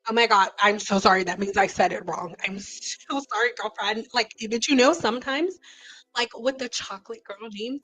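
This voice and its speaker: A young woman hosting a hair care live stream, chatting with viewers in a loud, playful way. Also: on the high side, moderate pace, poor audio. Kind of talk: casual live-stream chat.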